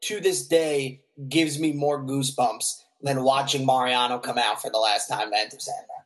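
A man's voice: medium pitch, steady tone, normal speed. A man hosting a casual sports podcast, asking the questions in an easygoing way.

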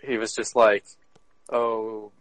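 Flat-voiced podcast man, hedging. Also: mid-range voice, no echo, rough recording. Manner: measured, hedging. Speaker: podcast co-host. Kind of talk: casual chat.

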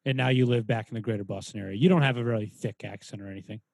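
A man's voice: on the low side, rapid-fire, vocal fry, a little mellow, a little hiss or hum. A man from Rhode Island co-hosting a podcast over a video call, chatting and joking with lots of fillers. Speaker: podcast co-host.

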